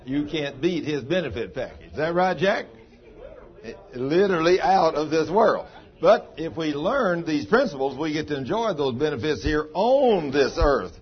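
A man's voice: fairly high pitch, very animated, moderate pace, hardly any pauses. A man pastor telling stories in a folksy, homespun sermon, with plain country grammar. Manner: folksy, ungrammatical country speech. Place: church. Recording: dull lo-fi sound.

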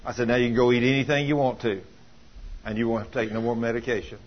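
A man's voice: medium pitch, fairly even intonation, fast talker, muffled recording. A middle-aged man preaching a fiery sermon, folksy and emphatic, acting out the voices in his stories. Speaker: pastor.

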